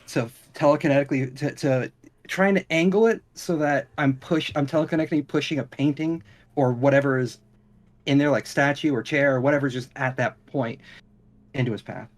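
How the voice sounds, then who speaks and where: A man's voice: medium pitch, a little fast. A man speaks as a player in a tabletop fantasy game, with a voice in the middle of the usual range. He talks loosely and casually, stumbling over words and restarting his sentences as he explains what his character does. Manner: rambling, self-correcting.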